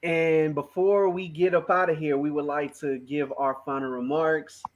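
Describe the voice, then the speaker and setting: A man's voice: fairly high pitch, steady tone, normal speed, highs cut off, a little hiss or hum. A man co-hosting a podcast in casual chat, tipsy and rambling, often repeating himself. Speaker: podcast co-host.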